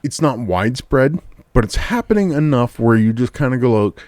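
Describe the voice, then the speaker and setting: Animated storytelling man, dry sound. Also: mid-range voice, normal speed, no echo. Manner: animated storyteller, acts out quotes. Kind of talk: casual chat.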